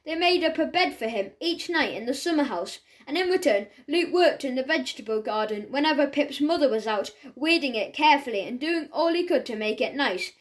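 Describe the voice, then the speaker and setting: A woman narrating a children's audiobook in a clear, steady storytelling manner. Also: high-pitched, fairly quick, hardly any pauses.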